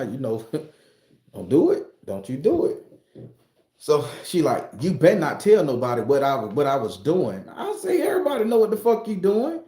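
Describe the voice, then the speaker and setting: Profane storytelling man, echoey room. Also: medium pitch. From southern Florida. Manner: profane, animated, acts out quoted voices. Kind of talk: casual spoken storytelling.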